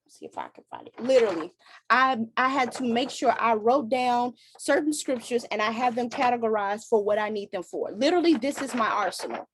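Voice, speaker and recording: A woman's voice: fairly high pitch, big pitch swings, brisk, a little hiss or hum. A woman hosting a faith-based advice talk, earnest and candid, often restarting her sentences. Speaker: host.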